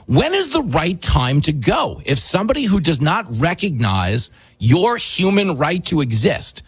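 A man's voice: on the high side, husky, no room sound, low-quality recording. A man hosting a talk show, delivering combative, rhetorical political commentary with mocking asides.

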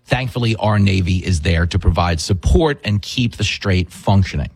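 A man's voice: low-pitched, moderate pace, a little mellow, slightly rough, low-quality recording. A man hosting a talk show, delivering combative, rhetorical political commentary with mocking asides.

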